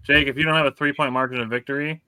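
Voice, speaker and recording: Sex: man. Role: sports podcast host. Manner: leads the chat, passes turns around. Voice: bright, forceful. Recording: dry, close. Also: mid-range voice, fairly even intonation, rapid-fire, no echo. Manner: leads the talk, hands turns to others.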